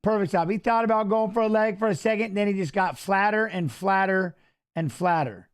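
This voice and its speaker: High-voiced man rambling on a live stream. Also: fairly quick, heavy background noise. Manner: rambling storyteller, excitable, trails off. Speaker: watch-along host, former fighter. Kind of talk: casual live-stream commentary.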